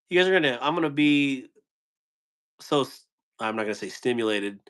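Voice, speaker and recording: A man's voice: medium pitch, moderate pace, a bit bright. Man rambling through corny dad jokes. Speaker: live stream host. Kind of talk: casual live stream chat.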